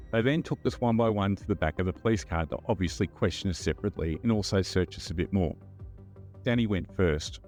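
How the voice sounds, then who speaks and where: A man's voice: sits low, darkish tone. A man, a podcast host recounting his undercover days in a plain-spoken, wry first-person telling. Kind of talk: first-person true-crime storytelling.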